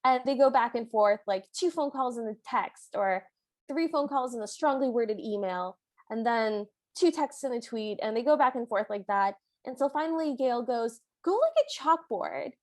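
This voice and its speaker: A woman with a fairly high voice co-hosts a podcast and retells scenes in an animated way, briefly acting out the characters. Her voice is recorded close and dry. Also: normal speed, no room sound. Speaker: podcast co-host. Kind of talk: casual movie recap chat.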